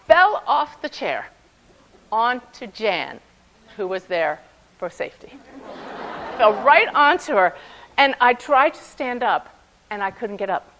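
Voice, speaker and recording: A woman medium speaks to a conference crowd in a mid-pitched voice. She tells personal stories with lots of animation and frequent bursts of laughter. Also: a bit bright, rough recording. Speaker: medium giving a talk. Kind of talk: storytelling talk to an audience.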